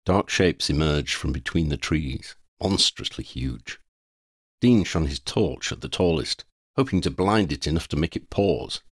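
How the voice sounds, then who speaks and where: A man reading a fan fiction audiobook in an expressive storytelling manner. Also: very deep voice, measured pace, dry recording, studio quality. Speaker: audiobook reader.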